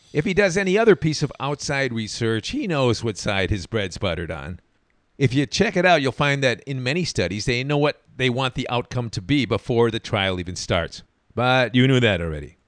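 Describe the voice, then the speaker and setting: A man's voice: mid-range voice, dry recording, clean studio sound. A man hosting a podcast, telling stories in a wry, sarcastic monologue. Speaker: podcast host.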